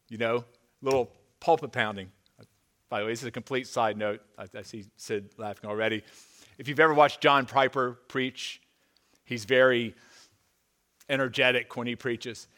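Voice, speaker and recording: A man's voice: medium pitch, fairly bright tone. A man, a pastor, preaching a sermon in a church. He reads scripture with emphasis, then slips into casual asides with stammered restarts. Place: church sanctuary.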